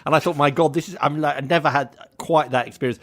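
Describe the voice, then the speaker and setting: A man's voice: fairly high pitch, steady tone, quick pace, a bit bright. A man from Britain co-hosting a podcast, telling an anecdote in a chatty way with many restarts. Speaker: podcast co-host. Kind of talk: casual chat.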